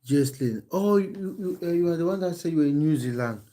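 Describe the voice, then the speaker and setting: A football coach and live streamer with a soft, mellow, slightly high voice chats casually at home in England, reading viewer comments into his phone. His brisk, lively delivery comes in stops and starts, hesitant and full of restarts and ums.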